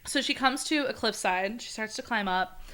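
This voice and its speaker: Young female podcast co-host, animated storyteller, bright and smooth. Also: on the high side, normal speed. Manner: animated storytelling, acts out lines with quotes. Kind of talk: casual chat, retelling a fanfic story.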